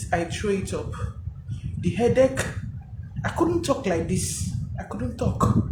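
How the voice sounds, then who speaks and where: A woman giving a personal testimony in a halting, emotional way. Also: medium pitch, echoey room, heavy background noise.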